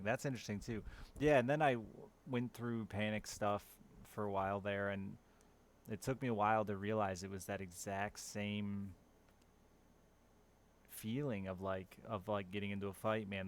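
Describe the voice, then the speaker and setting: A man's voice: on the low side, fairly even intonation, normal speed, gravelly. A man chatting casually and candidly with his stream viewers, openly talking about his feelings and swearing now and then. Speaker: live streamer.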